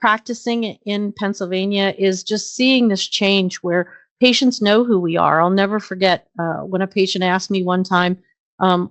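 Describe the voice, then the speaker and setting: Speaking at normal speed in a steady, medium-pitched voice, a middle-aged woman who is a nurse practitioner recounts career stories as an interview guest. She is earnest and says um and uh often, and the audio has no room sound.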